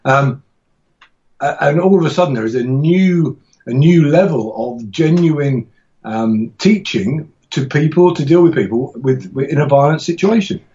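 A man's voice: a little high, a little slow, warm tone, dull audio. A middle-aged man, a martial arts instructor and author, telling stories in a podcast interview with enthusiasm and frequent restarts.

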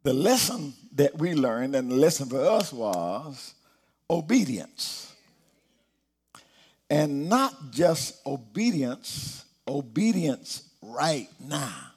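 Male preacher, middle-aged, slow delivery, soft low stretches, rising emphatic peaks, sermon. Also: big pitch swings, slightly rough.

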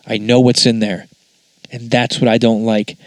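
A frightened man relives a memory under hypnosis, pleading in anguish, as a man reads him aloud. The voice lifts slightly in pitch and volume. The recording is dry and close. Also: flat delivery, moderate pace, no room sound, close to an everyday voice.

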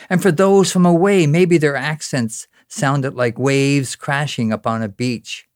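A man with a Newfoundland accent recites a rhyming spoken-word tale, his lines rising and exclaiming with rhythm. His voice sits at an ordinary middle pitch. The sound is close and dry, with no room around it. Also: no echo. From Newfoundland, Canada. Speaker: storyteller.

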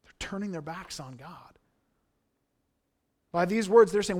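Pastor, male, higher-pitched voice; earnest, emphatic sermon delivery, dropping to hushed asides and then rising. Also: lively intonation, a little slow, long pauses. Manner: earnest, emphatic preaching with swings from hushed to loud.

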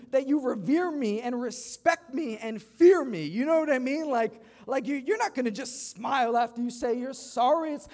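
A man's voice: very high voice, darkish tone. A man in his thirties, a pastor preaching a sermon to a church congregation, emphatic and mixing in humorous stories. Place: church service before a congregation.

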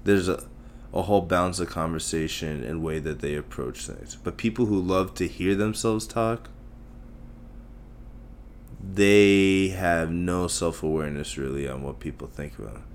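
A man's voice: deep voice, steady tone, unhurried, a little hiss or hum. A man from Tamil Nadu, India, hosting a solo podcast, ranting bluntly with lots of swearing and self-mockery. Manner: self-mocking, emphatic repetition. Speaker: podcast host.

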